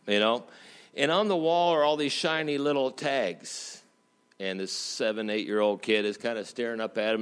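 A man preaching as a pastor in a church, telling jokes in a folksy way and slowing down for emphasis. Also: mid-range voice, a bit bright, clear, resonant tone. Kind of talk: sermon.

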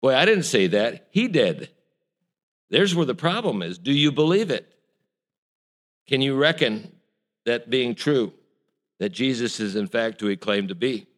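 A man's voice: medium pitch, big pitch swings, measured pace, long pauses. A man preaching a sermon, emphatic and conversational, repeating words and stressing key claims with rising force. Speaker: pastor.

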